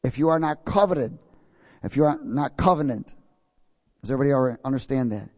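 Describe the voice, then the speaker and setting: A man's voice: medium pitch, expressive, fast, darkish tone. A man preaching a sermon in a folksy way, reading scripture and checking in with his congregation.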